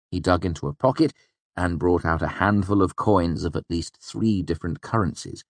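A man's voice: sits low, moderate pace, dry recording. A man reading a first-person novel aloud as an audiobook narrator. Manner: expressive first-person storytelling. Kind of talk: scripted narration.

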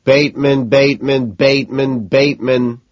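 A man's voice: medium pitch, very animated, normal speed, husky, no echo, highs cut off, pitched above the performer's own voice. A man reading an audiobook who voices a brash, pushy young male friend on the phone. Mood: droning. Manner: brash, droning.

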